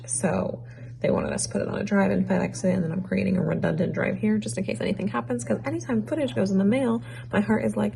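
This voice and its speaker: A woman's voice: medium pitch, gravelly, mellow, a little hiss or hum. A young adult woman vlogging in a casual, rambling way, sounding tired. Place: home or small office room.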